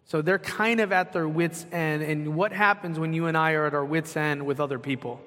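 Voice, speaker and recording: A man's voice: on the high side, steady tone, normal speed, a bit bright. A middle-aged man, a pastor, preaching a sermon in a conversational way and putting questions to the congregation. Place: church sanctuary. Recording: long hall reverb.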